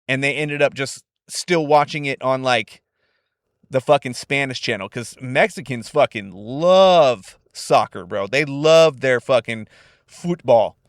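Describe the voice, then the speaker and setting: A young man from California hosting a casual solo podcast, laid-back, profane and animated. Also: mid-range voice, a little slow, no room sound, clean studio sound. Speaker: podcast host.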